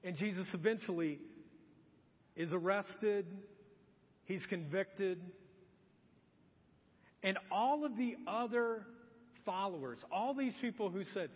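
A man's voice: high-pitched, animated, a little slow, pauses often, husky, long reverb tail, muffled recording. A man preaching a sermon as a pastor, in a casual, joking storytelling manner.

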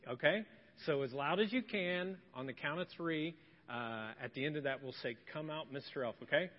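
A man speaking to children in a church, in a friendly, halting way full of "uh"s, with a fairly high voice. The sound is dull and lo-fi, with a long reverb from the hall. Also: lively intonation. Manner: friendly, hesitant, many "uh"s.

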